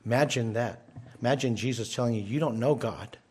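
A man's voice: mid-range voice, a little fast, darkish tone, husky. A man preaching an expository sermon as pastor, earnest, restarting and repeating words and rising for emphasis.

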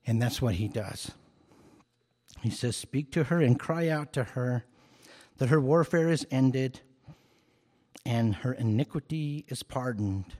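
A man's voice: mid-range voice, takes it slowly, long pauses, darkish tone, big-room sound. A man preaching a sermon as a pastor, earnest and emphatic, repeating key phrases for emphasis.

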